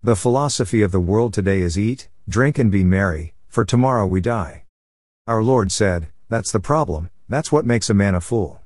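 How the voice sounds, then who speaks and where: A man reading a Bible study commentary aloud in a steady, measured way, with no fillers. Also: on the low side, no echo, clean studio sound.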